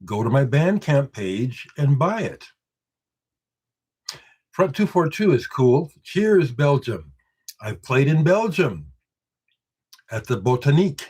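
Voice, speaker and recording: A man's voice: mid-range voice, very animated, slow pace, long pauses, a little mellow, husky. A man who is a musician, hosting a casual live stream, replying to viewers' comments and emphatically talking up his own records. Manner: emphatic, boastful, replies to chat comments.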